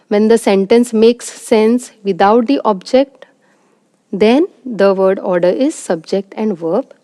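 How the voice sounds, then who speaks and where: A woman's voice: on the high side, dark tone, no room sound. A woman lecturer, giving a recorded lecture and explaining each point step by step with examples. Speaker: university lecturer.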